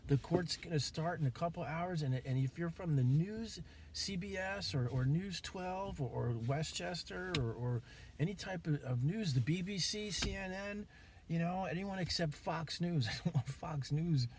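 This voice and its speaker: A man's voice: on the high side, lively intonation, moderate pace, slight background noise. Agitated rambling man. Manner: agitated, rambling, swearing, many restarts. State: grieving and angry. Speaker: vlogger. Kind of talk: venting monologue to camera.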